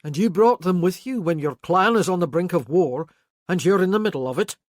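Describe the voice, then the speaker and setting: A narrator voicing a young Highland laird and warrior who speaks calmly and firmly in a historical romance audiobook. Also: brisk, no room sound, clean studio sound, natural voice. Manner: calm, firm, commanding. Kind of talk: audiobook character voice.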